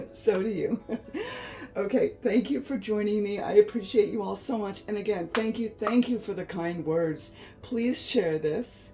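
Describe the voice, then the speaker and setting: A woman's voice: mid-range voice, mellow. A woman art vlogger chatting to her viewers, gushing, giggly and easily awed, tired late at night. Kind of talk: casual chat to viewers.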